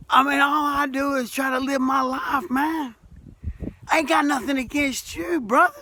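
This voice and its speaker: Casting: middle-aged Alabama working man, folksy and emphatic monologue, bright forceful voice. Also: very high-pitched, fairly even intonation, moderate pace, a little hiss or hum. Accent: Southern US, Alabama. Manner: folksy, plainspoken, repeats himself, rising to emphatic. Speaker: masonry worker speaking to camera. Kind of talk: impassioned monologue to camera.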